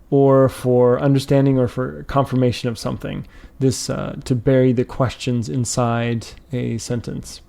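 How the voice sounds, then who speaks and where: A man giving a casual grammar lesson, explaining word by word in a relaxed way with many fillers and restarts. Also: medium pitch, creaky. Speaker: language teacher.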